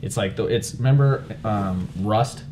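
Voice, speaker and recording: A young man co-hosting a casual chat show, joking crudely and telling animated stories. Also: lowish voice, a little slow, background noise. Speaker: podcast co-host.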